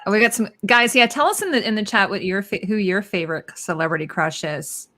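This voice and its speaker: A woman's voice: mid-range voice, brisk, sharp tone. A woman hosting a livestream, casually chatting with guests and eagerly moving the questions along. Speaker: livestream host. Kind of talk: casual chat.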